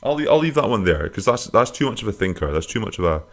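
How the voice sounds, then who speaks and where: A man hosting a casual comic podcast, rambling through listener questions with crude, self-mocking humor and sudden squeaky jokey swings. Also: big pitch swings, fast.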